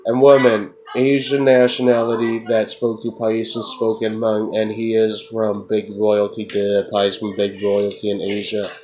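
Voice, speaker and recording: This lowish male voice is completely flat, a little slow, with few pauses, captured on a muffled lo-fi recording with loud hiss. A self-described remote viewer, he rambles profanely and repetitively to an unseen listener, tacking "duh" onto his sentences.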